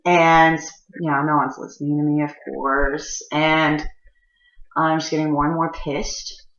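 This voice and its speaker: A woman's voice: sits low, little pitch movement, measured pace, a bit bright. A woman telling a personal story in a casual, profane, rambling way with many fillers. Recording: roomy, slightly dull recording.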